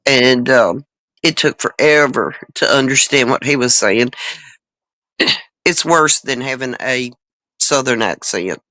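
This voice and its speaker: Slow, bright-voiced woman telling stories. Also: rumbling low, no room sound, low-quality recording. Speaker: panel chat host. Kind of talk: casual chat.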